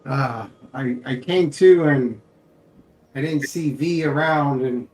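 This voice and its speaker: A male player describes his character's actions in slow, halting phrases. He sits away from the mic in an echoey room. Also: medium pitch, a little mellow, far from the mic. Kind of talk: playing a character in a tabletop game.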